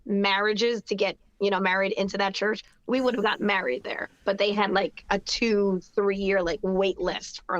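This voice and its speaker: A woman's voice: mid-range voice, fairly even intonation, normal speed, no room sound, muffled recording. A woman in her thirties from New Jersey, talking in a casual, upbeat interview with lots of fillers and restarts. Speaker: guest singer-songwriter.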